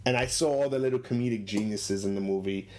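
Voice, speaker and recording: A man's voice: fairly low pitch, quick pace, warm tone. A man chatting casually about movies, laughing often and acting out characters in a raised voice. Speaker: movie discussion co-host. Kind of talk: casual chat.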